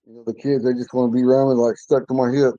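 Guy teaching a language class online from home, patient, mellow voice, muffled call sound. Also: mid-range voice, little pitch movement, dry recording. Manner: patient, repeats words slowly for learners.

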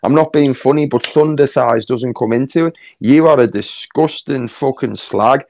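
A man on a live-stream panel, delivering slow, scornful insulting tirades with heavy swearing. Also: medium pitch, creaky, darkish tone, dry recording. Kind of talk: angry live-stream rant.

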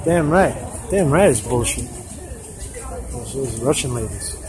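A man's voice: mid-range voice, lively intonation, measured pace, a crowd in the background, poor audio. A man hosting a casual street-interview vlog, chatty and joking, repeating himself as he goes, and filming with a handheld camera at arm's length. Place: busy street outdoors. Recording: loud street traffic noise.

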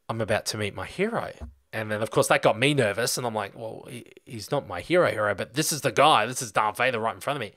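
Young Australian man, low voice, dry close sound; rambling podcast storyteller. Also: no echo. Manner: rambling, animated anecdote with many fillers. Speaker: podcast host. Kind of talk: casual storytelling.

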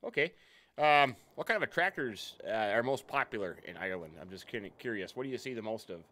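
Lively-voiced male game streamer, chatty host who greets viewers by name. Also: on the low side, fairly quick, a little hiss or hum. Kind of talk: casual let's-play commentary.

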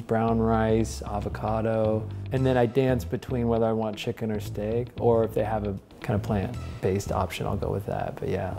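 A man in his thirties, an interview guest talking at home in a relaxed, chatty way, with frequent laughs and fillers. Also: on the low side, vocal fry, a little hiss or hum. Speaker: interview guest, pro snowboarder. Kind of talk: casual chat. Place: house, indoors.

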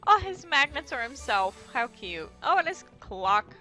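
A giggly young woman chats through a game with squeals and gasps. Her voice sits a little high and jumps all over. Light music plays faintly behind her. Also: very animated, unhurried, hardly any pauses, bright, forceful tone. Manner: chatty, heavy use of "like". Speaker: gaming channel host. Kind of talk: casual let's play commentary.

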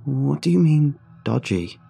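A polite, well-spoken young mover, as a man puts him on, asking curious questions in a slightly husky voice. He is a figure in a spoken horror story. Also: mid-range voice, animated, unhurried, dark tone, soft background music, pitched above the performer's own voice, full character voice.

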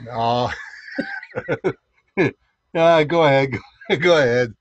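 A man's voice: mid-range voice, slow, a little hiss or hum. A man hosting a podcast, chiming in with jokey remarks. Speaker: podcast host. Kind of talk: casual interview chat. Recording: dull lo-fi sound.

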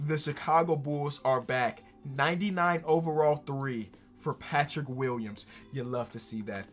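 A man giving casual, excitable commentary over a basketball video game, swinging from hyped shouts to dry asides. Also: on the high side. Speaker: basketball gaming YouTuber.

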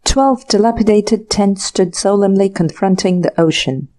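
A woman narrating an audiobook short story in a measured, unhurried way. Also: mid-range voice, dark tone. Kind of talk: scripted narration.

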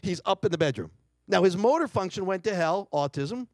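A middle-aged American man with a high, expressive, slightly mellow voice gives a brisk keynote in a lecture hall. He tells a family story dramatically and acts out the quotes. The studio-quality recording has no room sound.

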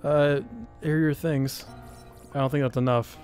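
Gamer guy, slightly high voice, casual muttered commentary while playing. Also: fairly even intonation, moderate pace, a little mellow, faint music behind. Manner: mutters to himself while looking for the way. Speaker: gamer commentating his playthrough. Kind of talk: casual let's-play commentary.

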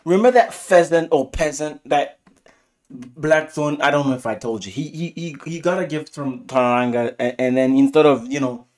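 A man from Africa giving a rambling, animated and profane casual review of a TV episode. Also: moderate pace. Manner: rambling, animated, profane, swings pitch widely. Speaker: TV show reviewer.

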